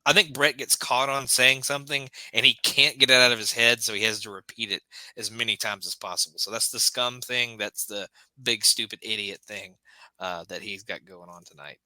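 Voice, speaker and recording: Male podcast co-host, halting delivery, lowish pitch, crisp and forward tone, dead-dry room. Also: fairly even intonation, sharp tone, no room sound, poor audio. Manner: hesitant, many fillers and restarts. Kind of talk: casual chat recapping wrestling.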